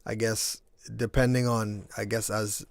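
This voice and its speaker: Appearing as a guest on a radio sports show, a basketball tournament organizer speaks in halting starts and repeats words. His lowish voice is flat and creaky, and the recording is dry.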